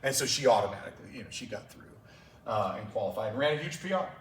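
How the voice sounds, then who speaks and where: A man's voice: mid-range voice, lively intonation, fast, slight background noise. A male track and field coach giving a conference talk, telling emotional stories from his coaching. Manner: emotional storytelling. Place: clinic session room. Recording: roomy hall from a distance.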